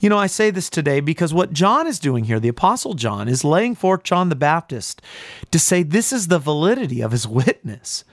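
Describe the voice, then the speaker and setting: A man's voice: fairly high pitch, big pitch swings, normal speed, no room sound, studio quality. A man preaching a sermon in a fiery, emphatic way, with sudden rises in force.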